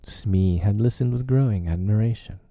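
Deep, gravelly male storybook narrator. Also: normal speed, warm tone, dry recording, studio quality. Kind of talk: storybook reading.

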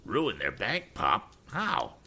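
A man's voice: mid-range voice, sing-song, takes it slowly, pitched above the performer's own voice, full character voice. A man reading aloud voices a sulky teenage boy bully who sputters with rage. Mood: eager. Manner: shouting, sputtering.

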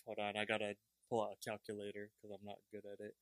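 A man's voice: on the low side, completely flat delivery, fast talker, no room sound. A young man co-hosting a podcast, casually recapping a cartoon episode in a rambling way and acting out the characters' lines as he goes. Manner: rambling, acts out characters' lines while retelling. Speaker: podcast co-host.

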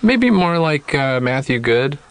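A man's voice: on the high side, very animated, unhurried, clean tone, no room sound. A man from Canada in a casual podcast chat. He cracks dry jokes and drifts into long social arguments.

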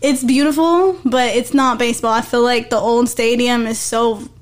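A woman's voice: on the high side, steady tone, normal speed. A young woman talking as a podcast guest in casual chat, full of "like" fillers. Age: young adult. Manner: chatty, lots of "like" fillers.

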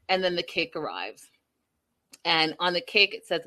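Brief: woman host, gossipy recap chat, bright crisp tone. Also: on the low side, big pitch swings, normal speed, pauses often. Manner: chatty, gossipy, a bit petty. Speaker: reality show recap host. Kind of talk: casual chat.

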